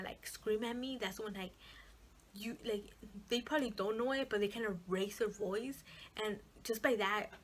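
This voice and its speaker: A woman's voice: mid-range voice, slight background noise. Rambling young woman vlogger. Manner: rambling, many fillers and swearing. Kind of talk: casual chat to camera.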